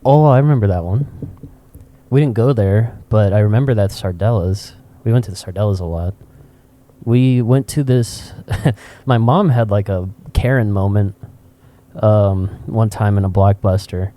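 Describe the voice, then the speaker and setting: Man, podcast co-host, casual chat, animated storytelling, warm dark tone. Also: fairly low pitch, a little slow. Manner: animated storyteller, laughs often. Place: cigar shop.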